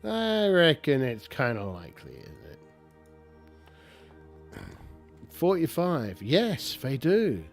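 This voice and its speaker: Solo tabletop game narrator, male, slow and halting, restarts a lot, faint music underneath. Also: fairly high pitch, wildly swooping pitch. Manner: halting, rambling with many restarts.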